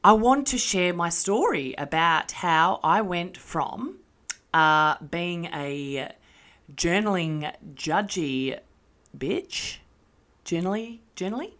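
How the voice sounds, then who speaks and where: A woman in her thirties talks to her listeners in a candid, self-mocking way, swearing freely. Her voice sits a little low for a woman. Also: big pitch swings, slow pace, fairly bright tone. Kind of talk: casual monologue.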